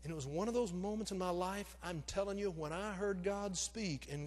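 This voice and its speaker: A middle-aged male pastor telling a personal story from the pulpit, animated and wry about his own blunders, his voice pitched fairly high. The sound carries a long reverb from the church sanctuary. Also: moderate pace, few pauses, faint music behind. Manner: animated, self-deprecating storytelling that acts out the scenes. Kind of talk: storytelling sermon.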